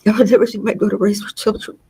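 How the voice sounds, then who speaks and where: A middle-aged woman reading a prepared victim impact statement in court. She speaks in a measured, grieving way and makes small slips as she reads. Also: medium pitch, level tone, warm tone, slightly rough, low-quality recording.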